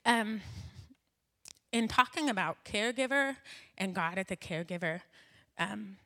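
A woman's voice: mid-range voice, animated, measured pace, pushed and bright. Emotional woman sharing a church testimony. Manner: conversational with fillers, emotional. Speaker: church speaker. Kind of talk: personal testimony in a church talk.

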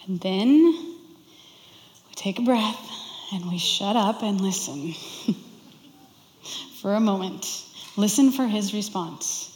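A woman pastor giving a sermon, conversational and expressive, with playful asides. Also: medium pitch, takes it slowly, pauses often. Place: church sanctuary. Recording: echoey church hall.

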